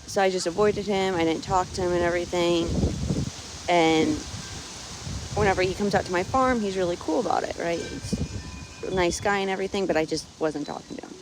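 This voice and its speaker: Young woman, lowish voice, frustrated casual rant on a phone outside, faint noise behind. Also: a little fast. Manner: frustrated, keeps tagging "right?". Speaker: vlogger. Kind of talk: casual venting monologue. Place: outdoors on her farm, windy.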